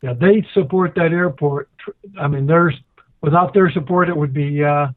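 A man co-hosting a podcast, explaining things in relaxed casual chat. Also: on the high side, normal speed, dry recording. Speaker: podcast co-host. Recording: tinny phone-like sound.

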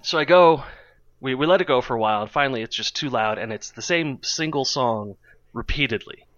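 A man co-hosting a podcast tells a meandering story, restarting his sentences as he goes. His voice is bright and forceful. The recording is dry and a bit dull. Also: medium pitch, fairly quick, no room sound. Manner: rambling, self-interrupting anecdote teller. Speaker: podcast co-host. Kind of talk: casual storytelling chat.

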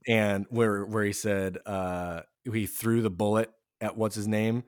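A man's voice: fairly low pitch, fairly even intonation, clean tone, no room sound. Easygoing male podcast co-host, dry sound. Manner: chatty, easygoing, quick to laugh. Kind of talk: casual chat.

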